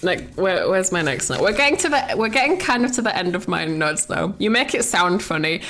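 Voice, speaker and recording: A woman's voice: mid-range voice, lively intonation, normal speed, few pauses, fairly bright tone. A young woman streaming casual chat about a film she just saw, rambling, swearing freely and breaking into giggles.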